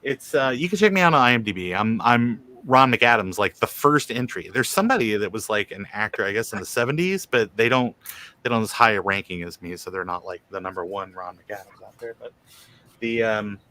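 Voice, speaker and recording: A man in his thirties or forties chatting casually on a video call, deadpan and joking, spinning rambling tall tales. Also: lowish voice, a little fast, dry recording. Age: 30s to 40s. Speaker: guest on a livestream.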